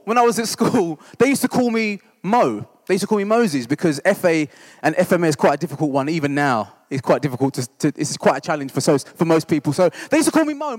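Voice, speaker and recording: High-voiced man preaching. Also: long reverb tail. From East End of London. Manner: conversational, self-deprecating, keeps asking "right?". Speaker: church discipleship leader. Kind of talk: humorous storytelling sermon.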